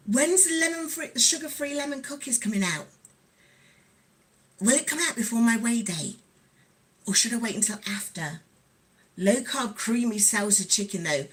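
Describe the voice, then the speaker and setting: A middle-aged English woman with a Nottingham accent hosts a livestream, chatting casually while sewing and reading out viewer comments with frequent giggles. Her voice is a little high and fairly bright in tone.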